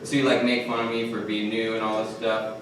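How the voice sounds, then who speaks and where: A young man with a Detroit accent telling a rambling, self-mocking story at a live storytelling night, with halting restarts. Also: on the low side, monotone. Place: comedy club stage. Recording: echoey room from far off, noisy.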